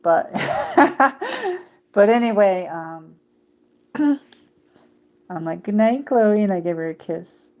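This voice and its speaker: A woman's voice: medium pitch, sing-song, very slow, long pauses, darkish tone. A middle-aged woman hosting a livestream, chatting casually in a rambling way with many fillers and restarts. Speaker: livestream host.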